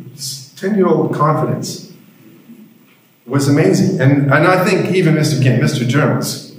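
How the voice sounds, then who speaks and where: A man's voice: mid-range voice, a little mellow. A male pastor preaching a sermon, telling a story with dry humor, recorded in a church hall. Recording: heavy room echo.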